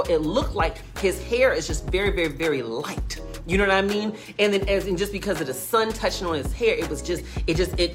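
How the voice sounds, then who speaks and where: A woman chatting casually to her livestream viewers, rambling through a story with many fillers and restarts. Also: fairly low pitch. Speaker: livestream host telling a story. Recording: music playing in the background.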